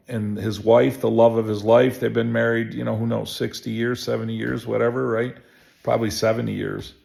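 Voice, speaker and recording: A chiropractor telling a personal story in a relaxed, rambling way, full of restarts and fillers. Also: male voice, medium pitch, creaky. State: emotional. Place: home.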